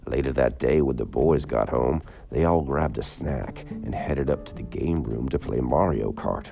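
A man reading a children's story aloud as narrator in a slow, expressive way. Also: rumbling low, creaky. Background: soft guitar music.

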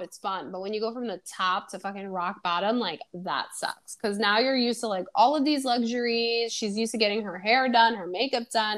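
A woman's voice: medium pitch, a bit bright. Woman, young adult, podcast co-host, casual chat, rambling, heavy filler words.

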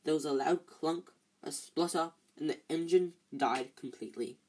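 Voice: mid-range voice, moderate pace. An amateur reader, tired, reading a novel aloud with frequent slips and restarts. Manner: stumbles and restarts often, tired.

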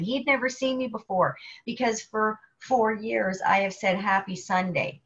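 Animated storytelling woman, lo-fi sound. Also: medium pitch, measured pace, few pauses. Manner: animated storyteller, acts out quoted people. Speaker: podcast co-host. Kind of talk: casual faith chat. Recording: dull lo-fi sound.

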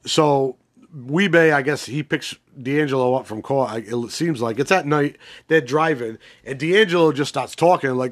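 A man's voice: on the high side, moderate pace. A man hosting a podcast, recapping a crime series in a rambling, profane, casual way with many restarts and fillers. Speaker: podcast host.

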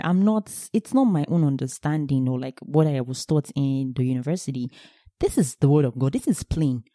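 A woman teaching a sermon on scripture, animated, asking her listeners questions and answering them herself. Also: sits low, no room sound, clean studio sound. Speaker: Bible teacher.

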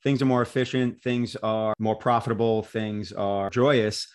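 A man presenting a book summary to a group, relaxed and a little self-deprecating. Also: lowish voice, a little slow, smooth. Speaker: community member presenting.

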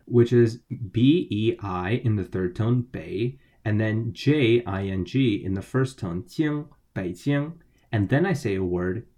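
A man's voice: lowish voice, a little mellow. A man co-hosting a language lesson, patiently explaining Mandarin phrases and spelling out each syllable. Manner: patient, spells out pinyin letter by letter. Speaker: language podcast co-host.

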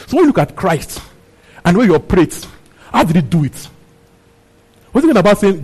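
A man's voice: high-pitched, big pitch swings, brisk, pauses often, a little mellow, husky, poor audio. A man preaching a sermon, repeating his phrases and asking the congregation questions. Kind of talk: sermon teaching on a Bible passage.

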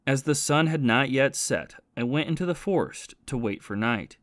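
Remorseful ex-soldier and thief confessing his past, read by a man, steady and plain, dry booth sound. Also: mid-range voice, moderate pace, dry recording, close to an everyday voice. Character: remorseful former soldier and thief, haunted by guilt.

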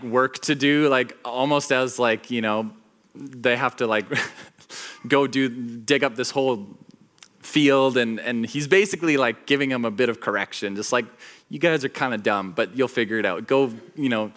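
A man giving a casual sermon to a small group, telling a story with lots of fillers and acting out the quotes. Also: mid-range voice. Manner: animated storytelling, acts out quotes, many fillers. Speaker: pastor.

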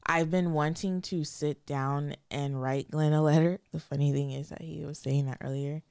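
A young woman with a low, gravelly voice talks in a casual podcast chat. She is emotional and hesitant, close to tears, and often searches for words. The sound is dry and close. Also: steady tone, normal speed, mellow, dry recording. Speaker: podcast co-host.

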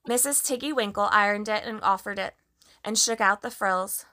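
Bright-voiced woman reading a storybook. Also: mid-range voice, normal speed. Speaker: narrator.

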